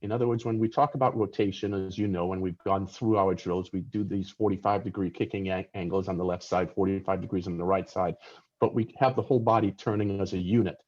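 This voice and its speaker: Lower-pitched male swim coach over a dull, lo-fi video call, explaining patiently with lots of ums. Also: fairly even intonation, darkish tone. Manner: explanatory, halting with many fillers. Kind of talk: podcast explanation.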